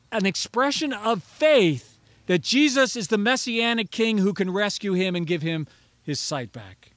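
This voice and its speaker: A man's voice: sits high, animated, moderate pace, a bit bright, no echo. Guy preaching a sermon, gets emphatic and pleading, dry room. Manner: earnest, rising to emphatic pleading on key phrases. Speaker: pastor.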